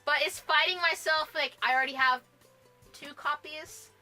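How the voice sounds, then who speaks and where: A woman's voice: high voice, steady tone, moderate pace, pushed and bright, faint music behind, poor audio. A woman presenting a casual book review vlog, bubbly and gushing, laughing often as she talks. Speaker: book vlogger.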